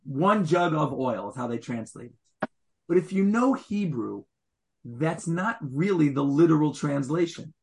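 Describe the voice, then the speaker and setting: A man's voice: a little high, lively intonation, a little slow. A man teaching a Torah class. He asks his listeners questions and explains Hebrew wording as he goes.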